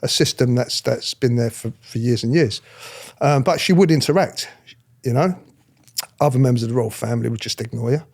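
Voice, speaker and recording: Slightly fast and mid-range in pitch, this middle-aged man describes his days as a royal protection officer through blunt stories in a candid interview. He curses freely, stays animated, and imitates those he talks about.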